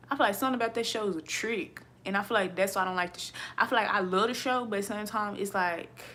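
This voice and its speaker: A woman ranting to her viewers in a casual vlog, blunt and profane, animated and quick to laugh. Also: mid-range voice. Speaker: vlogger.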